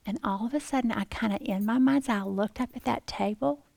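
A woman giving a personal testimony to a congregation, dramatic and folksy, swinging from loud exclamations to hushed whispers. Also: fairly high pitch, brisk, vocal fry, no echo. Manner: folksy, addresses the audience as y'all. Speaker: speaker addressing a congregation.

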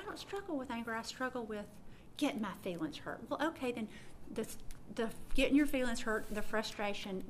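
Middle-aged woman, earnest Bible teacher, mid-pitched voice, faint noise behind. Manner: earnest, personal, prone to restarts.

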